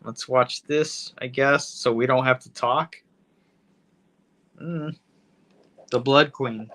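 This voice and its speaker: A man's voice: mid-range voice, fairly even intonation, takes it slowly, sharp tone. A man co-hosting a podcast, chatting in a dry, teasing way. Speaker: podcast co-host. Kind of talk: casual podcast chat.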